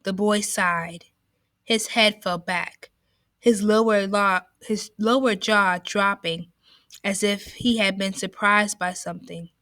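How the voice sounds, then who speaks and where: A woman reading a novel aloud in a slow, careful way, with a few small slips. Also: medium pitch, fairly even intonation, bright, forceful tone, dry recording.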